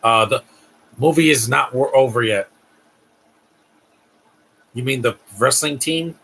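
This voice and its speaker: A man's voice: mid-range voice, slow, a bit bright, breathy edge. A man hosting a live stream, making casual, sarcastic asides while watching a film.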